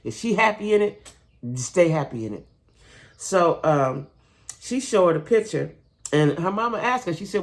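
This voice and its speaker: A woman's voice: lowish voice, lively intonation, moderate pace, pauses often. A woman giving a casual, chatty recap of a reality TV show, talking straight to her viewers and often checking in with a "right?". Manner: chatty, addresses viewers as "y'all", frequent "right?".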